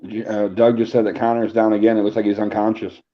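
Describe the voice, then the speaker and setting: A man co-hosting a casual podcast, adding quick, wry comments. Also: fairly low pitch, flat delivery, highs cut off. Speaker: podcast co-host. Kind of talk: casual chat.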